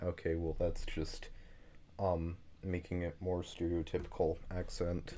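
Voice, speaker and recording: A man's voice: low-pitched, monotone, a little slow, dark tone, a little hiss or hum. A man with a slight Southern US twang, rambling in casual chat while building a game level and apologizing for going off track. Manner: rambling, chatty, apologetic asides. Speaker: level creator streaming.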